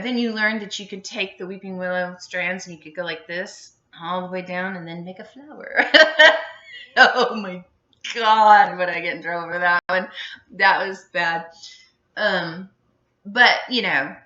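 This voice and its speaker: A woman's voice: on the low side, fairly even intonation, moderate pace, pushed and bright. A middle-aged woman chatting in a loose, rambling vlog monologue, full of fillers and giggles. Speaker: vlogger. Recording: muffled, echoey room.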